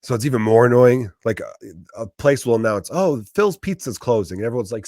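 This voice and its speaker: A man's voice: medium pitch, lively intonation, brisk, darkish tone, no room sound, studio quality. A man in his thirties with a Chicago accent, a comedian hosting his podcast and ranting in a profane comedic monologue. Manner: profane, ranting, acts out quoted voices.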